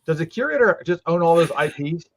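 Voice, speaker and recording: A man's voice: fairly high pitch, expressive, a little fast, slight background noise. A man co-hosting a trading card stream, talking in a rambling way with lots of fillers and restarts. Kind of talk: casual chat.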